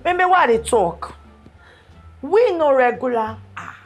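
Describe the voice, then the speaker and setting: A boastful young designer with a Nigerian Pidgin accent talks loudly in a sing-song way. Her voice is high and husky, leaps all over the place, and has soft music behind it. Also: big pitch swings, slow, heavily acted.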